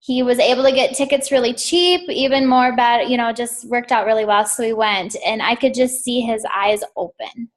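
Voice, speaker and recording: A woman's voice: fairly high pitch, normal speed, few pauses. A woman sharing an emotional, gushing story in casual talk on a team call. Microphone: call audio.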